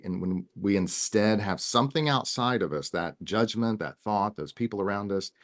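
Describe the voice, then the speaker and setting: A man speaking as a guest in a casual podcast interview, earnest and rambling, with frequent restarts. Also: on the low side. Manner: earnest, talks in long runs with many restarts. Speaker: wellness guest.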